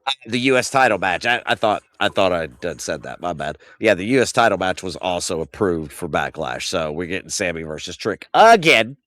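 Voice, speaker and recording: A man in his thirties hosts a casual wrestling recap, his pitch swinging widely as he rants. He swears freely and sounds exasperated. The sound is dry and close, with no room around it. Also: fairly quick, no echo. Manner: animated ranting, swings loud and high when outraged; profane, exasperated. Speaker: podcast host.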